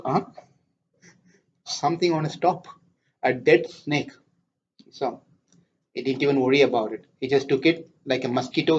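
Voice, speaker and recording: A man teaching a scripture class, telling a story in a lively way and putting questions to his audience. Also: medium pitch, slight background noise. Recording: dull lo-fi lecture recording.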